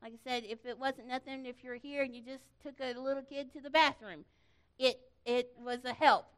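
A middle-aged woman speaking to a church gathering in an informal way, telling a story in an animated, folksy manner and earnestly thanking the volunteers. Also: high voice, normal speed. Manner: animated storytelling, acting out quoted voices.

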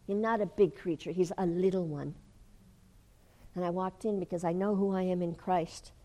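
Older woman, preacher, fervent, sermon, loud declarations. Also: on the low side, fairly even intonation, moderate pace. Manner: fervent, rises to shouting when retelling. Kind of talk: sermon testimony.

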